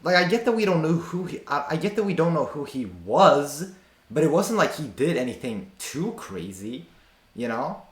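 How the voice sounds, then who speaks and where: A man's voice: a little high, big pitch swings, normal speed, echoey room. A man streaming a reaction video, talking casually and incredulously with lots of fillers and slang.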